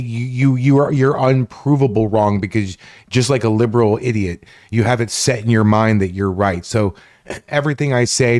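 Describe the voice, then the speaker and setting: A man's voice: lowish voice, darkish tone. Profane, combative male livestreamer. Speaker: livestream host. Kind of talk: live stream commentary rant.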